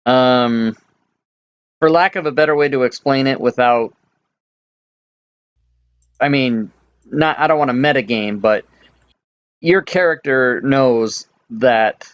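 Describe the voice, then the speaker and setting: A man running a tabletop game as dungeon master, explaining slowly with frequent hesitations. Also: medium pitch, highs cut off. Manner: unhurried, hesitant with many ums.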